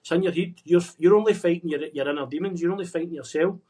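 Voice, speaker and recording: A man's voice: on the high side, quick pace, a little mellow, breathy edge. A man guest speaking earnestly and encouragingly on a video call, giving motivational advice in casual chat and calling the host "mate". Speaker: podcast guest. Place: remote conversation across the world.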